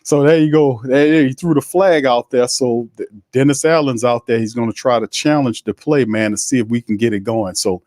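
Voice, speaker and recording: A man hosting a live watch party, calling the plays with excitement in casual slang, laughing often and chatting with his viewers. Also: medium pitch, fairly quick, few pauses. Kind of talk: live play-by-play commentary on a stream.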